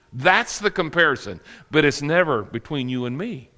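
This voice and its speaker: A man's voice: sits high, lively intonation, normal speed, fairly bright tone, in a large hall. A male preacher giving a sermon with folksy, humorous storytelling. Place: church sanctuary.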